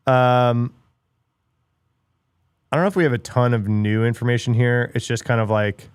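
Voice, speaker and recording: A man's voice: mid-range voice, steady tone, normal speed, clear, resonant tone, dry recording, clean studio sound. Blunt, swearing man ranting on a livestream. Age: middle-aged. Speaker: livestream host. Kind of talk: casual livestream chat, reacting to videos.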